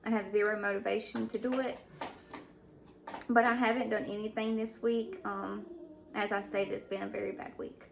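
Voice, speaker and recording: A stay-at-home mom vlogging at home in casual chat, hesitant with many fillers and restarts, sounding overwhelmed and emotional. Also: female voice, medium pitch, little pitch movement, normal speed, creaky, noisy background. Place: at home indoors. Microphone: camera mic.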